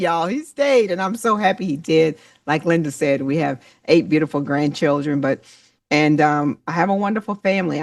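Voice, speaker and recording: Gravelly woman telling her story. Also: low-pitched, no echo, studio quality, recorded from a distance. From Dallas, Texas. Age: 50s. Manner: earnest storytelling, emphatic and expressive. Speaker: founder and speaker. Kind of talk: motivational testimony on a webinar.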